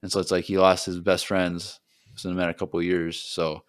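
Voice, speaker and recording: A man's voice: flat delivery, fairly quick, smooth. A young man co-hosting a podcast, chatting casually and rambling, acting out film quotes. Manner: rambling, acts out quotes with a jump in pitch. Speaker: podcast co-host. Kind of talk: casual chat.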